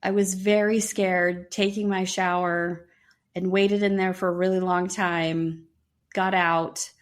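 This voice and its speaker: A woman's voice: fairly low pitch, takes it slowly. A middle-aged woman, a podcast co-host, telling a personal story in casual chat and acting out the voices of the people she quotes. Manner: animated, acts out quoted voices.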